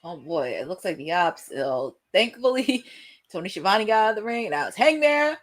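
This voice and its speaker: A young woman hosting a live watch-along, chatting and reacting excitedly with frequent laughs. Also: mid-range voice, normal speed.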